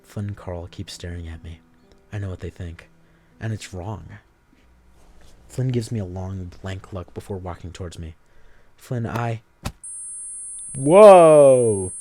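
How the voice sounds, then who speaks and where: A male streamer reading a story game aloud, swearing freely and breaking off into excited reactions. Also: low voice, moderate pace, long pauses, faint music behind.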